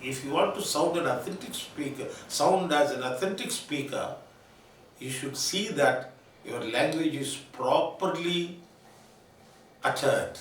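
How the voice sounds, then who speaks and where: A man's voice: a little high, unhurried, a little hiss or hum. Echoey lecturing man with Telugu accent. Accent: Telugu-accented English. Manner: spells words out letter by letter, repeats key terms for emphasis; switches between English and Telugu mid-sentence. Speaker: linguistics lecturer. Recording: very echoey room, voice from far off.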